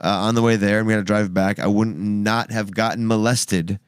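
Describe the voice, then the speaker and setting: A man's voice: lowish voice, fairly even intonation, moderate pace, clean tone, no echo, clean studio sound. A young man co-hosting a podcast, rambling through a casual story full of fillers and putting on goofy voices for the people he quotes. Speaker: podcast co-host.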